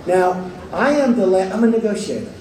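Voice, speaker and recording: In a large hall packed with people, a man running for office gives a brisk, animated rally speech in a voice that sits high. It's boastful and meandering, full of repetition and sarcastic shots at the press. The recording sounds far away and echoey, with the crowd audible.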